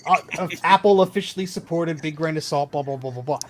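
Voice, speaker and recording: A man's voice: fairly high pitch, fast talker, a little hiss or hum. A chatty man hosting a laid-back tech podcast, his voice sitting a little above the usual male range. He talks loosely, jokes around and drops plenty of fillers and restarts. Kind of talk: casual tech podcast chat.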